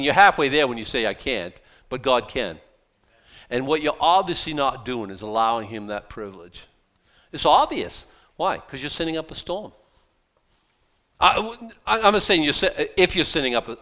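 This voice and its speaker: A man preaching a sermon as a pastor, emphatic and blunt, mocking excuses in quick put-on voices. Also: mid-range voice, fairly bright tone.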